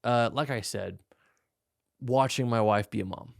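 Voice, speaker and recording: Gravelly-voiced young man answering questions. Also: unhurried, no room sound, studio quality. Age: young adult. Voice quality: gravelly low voice. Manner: laid-back, frank, self-deprecating. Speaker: podcast host answering listener questions. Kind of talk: casual Q&A chat.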